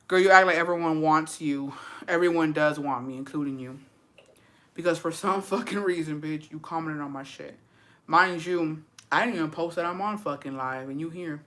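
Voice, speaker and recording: A woman hosting her own livestream and telling a story in a brash, profane, sassy way, talking straight to her viewers. Her voice sits a little low yet sounds sharp and bright. She drops Spanish phrases into her English. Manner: brash, profane and sassy, calling listeners "bitch" and "besties". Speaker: livestream host.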